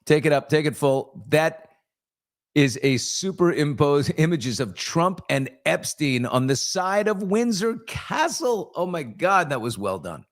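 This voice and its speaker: A man's voice: on the high side, sing-song, measured pace. Guy hosting a loose live morning chat, jokey, rambly, talking to the crew. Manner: joking, rambling asides to crew. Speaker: host. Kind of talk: casual live talk show chat.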